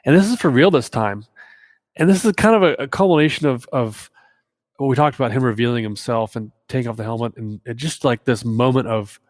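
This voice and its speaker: Podcast co-host, male, thoughtful and unhurried, mid-pitched, dry sound with a lingering reverb. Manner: measured, thoughtful, with many fillers. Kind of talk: casual podcast discussion.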